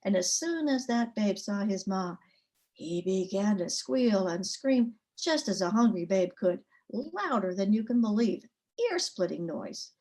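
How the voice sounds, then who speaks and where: A woman storyteller at a story swap, telling a folk tale with an expressive, rhythmic cadence. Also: mid-range voice, measured pace.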